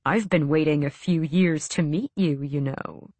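A woman's voice: low voice, no room sound, pitched below the performer's own voice. Woman voicing a purring, bored villain man. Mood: cool menace. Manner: soft, slow, silky menace. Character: cool, bored, cruel male villain, purring. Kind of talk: audiobook character voice.

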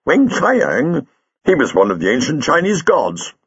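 A bustling, gallant elderly gentleman, fussing over manners, as a male reader puts him on. He speaks a little higher and louder than plain narration, with a lively lilt. The sound is dull and lo-fi. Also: unhurried, husky, no echo, heavily acted. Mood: genial. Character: fussy, genial elderly Victorian gentleman.

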